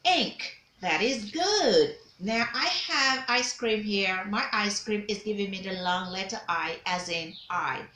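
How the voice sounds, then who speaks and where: A woman's voice: medium pitch, expressive, takes it slowly, hardly any pauses, bright, forceful tone, a little hiss or hum. A woman teaching diction, drilling letter sounds and word examples, praising and having learners repeat. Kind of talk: pronunciation drill lesson. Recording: echoey room with faint ambience.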